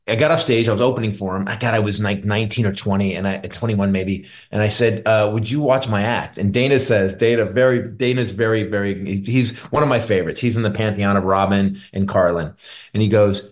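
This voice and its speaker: A middle-aged man with a lowish voice talks as a comedian guest on a radio show. He tells rambling, candid stories in a loose, unguarded way. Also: brisk. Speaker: stand-up comedian.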